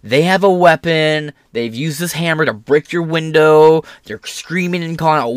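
A man with a somewhat high voice, swearing freely and dripping with sarcasm as he rants through the news. He keeps jumping into mocking impressions of the people he talks about. The sound is close and dry, with no room around it. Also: normal speed, hardly any pauses, no room sound. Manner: profane, sarcastic, mocks people in put-on voices. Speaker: political commentary host. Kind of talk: casual ranting commentary.

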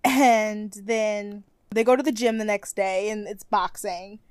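A woman's voice: medium pitch, steady tone, unhurried, no echo. Young woman podcast co-host, chatty and filler-heavy, dry close sound. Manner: chatty, lots of "like", laughs often. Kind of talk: casual chat recapping a TV show.

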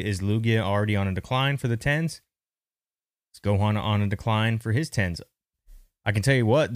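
Male podcast host, lowish voice, dry close mic, casual rambling commentary. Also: dry recording. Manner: chatty, thinking aloud with restarts.

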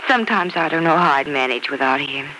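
An anxious young woman pleading and fretting in an old radio play. Clear hiss runs under the old broadcast recording. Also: deep voice, expressive, fast, sharp tone, low-quality recording. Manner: pleading, emotional. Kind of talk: 1940s radio acting.

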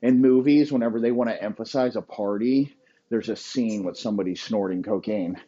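A man's voice: on the low side, a little fast, dark tone, muffled recording. A man hosting a podcast, ranting in crude, rambling riffs and laughing at his own jokes. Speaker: podcast host. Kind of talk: profane comedic rant.

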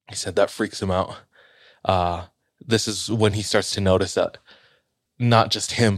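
Deep-voiced man telling a spooky story. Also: no room sound, studio quality. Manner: rambling with many fillers and restarts, drops to a low hush at tense moments. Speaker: storyteller in a podcast-style chat. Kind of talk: casual retelling of a ghost story.

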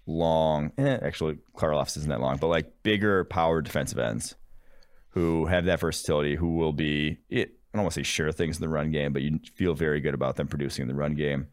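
A man co-hosting a sports podcast as a draft analyst, relaxed, thinking aloud in casual chat. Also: very deep voice, fairly quick, no room sound, studio quality.

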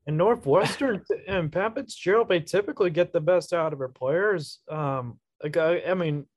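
Relaxed male podcast co-host, slightly raised pitch, dry recording, reads out predictions. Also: moderate pace, dry recording. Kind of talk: casual sports podcast chat.

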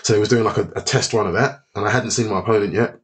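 A man's voice: lowish voice, racing. A man telling fight stories in a casual chat, swearing freely and acting out the voices of the people in them. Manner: animated, swears a lot, acts out voices.

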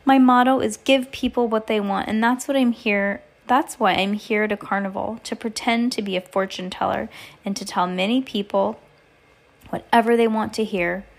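A woman's voice: medium pitch, steady tone, moderate pace, vocal fry. A woman reading aloud, voicing a bad-tempered fake fortune teller who demands answers and tacks "please" onto everything. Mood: sad. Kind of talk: amateur audiobook reading.

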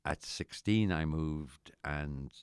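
A middle-aged Irish man chatting casually as an interviewee, rambling and halting with many restarts. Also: a bass voice, clear, resonant tone, no echo, studio quality. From Ireland. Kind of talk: casual chat.

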